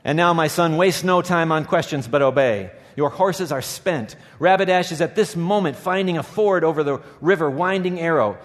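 Stern old hermit, commanding, a preacher reading it aloud, long church reverb. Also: male voice, on the high side, moderate pace, hardly any pauses, voice pushed up, close to an everyday voice.

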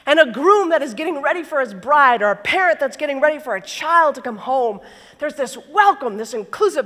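Speaking briskly in a high voice, a woman preacher brings her sermon's stories to life by acting out each person's voice with animation. The sound echoes around a hall.

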